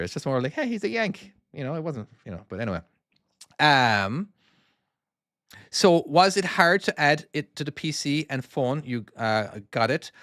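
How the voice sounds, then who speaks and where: A man from Ireland with a softened Cork accent talks casually over a driving game, rambling through explanations and restarting his sentences. His voice sits at a middle pitch for a man. The close microphone gives a dry sound with no room around it. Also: dry recording. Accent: Cork Irish. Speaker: game streamer and former truck driver. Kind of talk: casual live-stream commentary reading chat.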